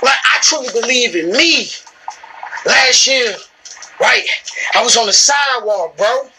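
A woman's voice: on the high side, animated, unhurried, background noise. A woman who runs a business, speaking straight to camera from her shop in an emphatic, repetitive, preachy motivational style and calling her listeners bro and sis. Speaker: business owner.

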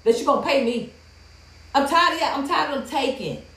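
A woman's voice: high voice, lively intonation, fairly quick, fairly bright tone. A woman hosting a livestream, ranting in a blunt, profane, heated way to her viewers. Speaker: livestream host. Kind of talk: casual livestream rant. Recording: roomy echo.

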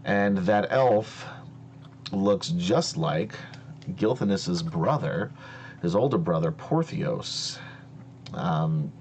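A man narrates a tabletop game as game master in a deep voice. He talks slowly, pausing often on fillers. A faint hum runs under the recording. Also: animated, a little mellow. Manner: slow, hesitant narration with many fillers.

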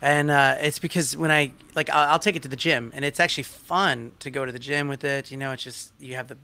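A man's voice: mid-range voice, fairly even intonation, a little fast, creaky, sharp tone. A man co-hosting a stream, chatting casually and rambling with lots of fillers and restarts. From outside Australia. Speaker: stream co-host. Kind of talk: casual chat.

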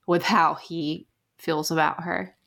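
A woman's voice: deep voice, little pitch movement, slow pace, gravelly, fairly bright tone. A woman co-hosting a podcast, discussing a movie in a chatty, thoughtful way. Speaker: podcast co-host.

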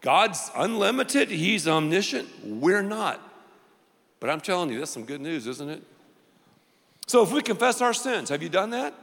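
A man preaching a sermon to a large church crowd, playful and animated, drawing the audience into call-and-response. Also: high-pitched, moderate pace, vocal fry, big-room sound. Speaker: pastor.

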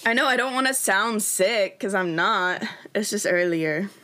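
A young woman, co-hosting a podcast in casual chat, chatty and quick to laugh, her voice still in its morning state. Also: medium pitch, pushed and bright. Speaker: podcast co-host.

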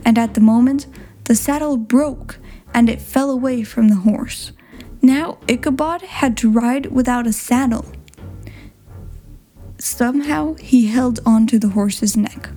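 The narrator, a woman, reads a storybook in an unhurried, clear and simple manner that suits learners. Her voice is warm and mellow though pitched a little high, and gentle music plays faintly behind her.

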